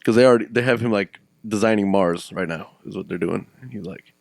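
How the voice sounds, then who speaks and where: A man's voice: lowish voice, brisk, vocal fry, darkish tone, no echo. A man co-hosting a podcast in casual chat, laid-back, laughing often and tossing in dry quips. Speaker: podcast co-host.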